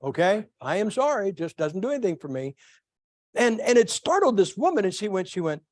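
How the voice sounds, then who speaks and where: A man's voice: high-pitched, a little fast, no room sound. Folksy preacher man, dry close mic. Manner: folksy, animated storytelling with asides to the congregation. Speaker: pastor. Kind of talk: sermon with storytelling.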